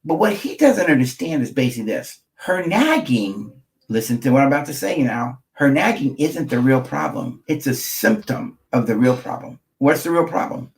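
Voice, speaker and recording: A middle-aged man, a marriage therapist, gives an emphatic teaching talk to camera, repeating key phrases and checking in with his listeners. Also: mid-range voice.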